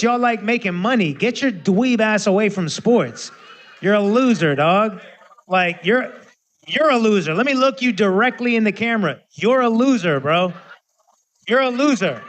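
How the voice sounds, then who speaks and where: A man in his thirties ranting casually to viewers on a livestream, animated and profane, swinging between loud outbursts and low muttering. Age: 30s. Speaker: musician hosting a livestream.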